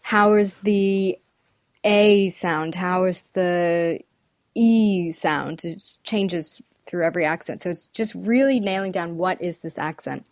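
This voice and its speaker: A woman's voice: on the low side, slow, no echo. Chatty woman dialect coach, dry sound. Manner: chatty, thinks aloud, laughs between phrases. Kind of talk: casual interview chat.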